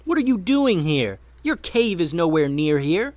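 A bold young archer heroine from a storybook, sharp and pointed in her questions, as a male narrator voices her. He lifts his voice well above his own pitch and pushes it louder. The sound is close and dry. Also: lively intonation, moderate pace, dry recording. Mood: demanding. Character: skilled young woman archer, bold and direct.

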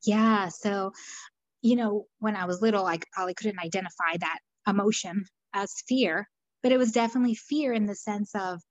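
A woman's voice: medium pitch, moderate pace, dry recording, highs cut off. A middle-aged woman from Peru, a guest, telling her story thoughtfully with frequent fillers and restarts. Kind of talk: reflective conversational storytelling.

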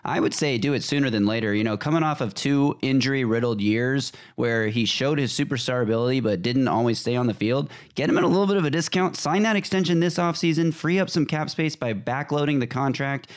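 A man co-hosting a sports podcast in casual chat, chatty and quick to jump in with short remarks. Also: mid-range voice.

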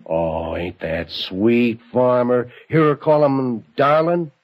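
A man's voice: mid-range voice, slow, close to an everyday voice. An actor playing a cruel, mocking escaped male convict who holds a couple hostage, speaking in a drawling, taunting tough-guy manner. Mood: menacing. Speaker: villain holding a couple hostage. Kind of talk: vintage broadcast drama acting. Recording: lo-fi old recording with faint music.

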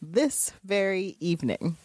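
Animated, laughing woman podcast co-host. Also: on the low side, measured pace, husky, no echo. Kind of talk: casual chat.

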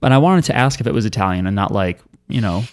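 A man's voice: on the low side, animated, fast talker, clean tone. A man co-hosting a podcast, chatting casually in a rambling, jokey way. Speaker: podcast co-host. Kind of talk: casual chat.

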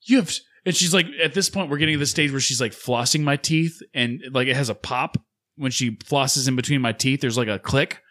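A man in his thirties with a bright, forceful voice, chatting casually as a podcast co-host. He rambles through a story, swearing freely and acting out the other people in it. His pitch sits in an ordinary middle range. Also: fairly even intonation, brisk. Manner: rambling profane storytelling, acts out others' lines. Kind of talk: casual chat.

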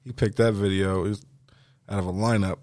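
A man with a fairly low voice chats casually on a podcast. He sounds stoned and rambles in a loose, meandering way. The recording is dry and close. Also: fairly even intonation, fairly quick, darkish tone, no room sound. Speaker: podcast co-host. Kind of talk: casual chat.

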